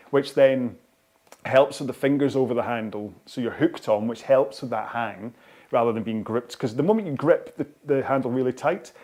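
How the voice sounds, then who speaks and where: A man's voice: mid-range voice, darkish tone. A middle-aged man hosting a live rowing workout stream, chatting casually and rambling with lots of self-deprecating asides and laughs. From United Kingdom. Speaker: rowing coach and host.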